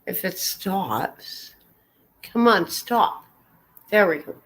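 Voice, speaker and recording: A woman hosting a casual livestream, talking in a slow, halting way with many apologies, tearful and emotional. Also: medium pitch, animated, a bit bright, poor audio. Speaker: livestream host.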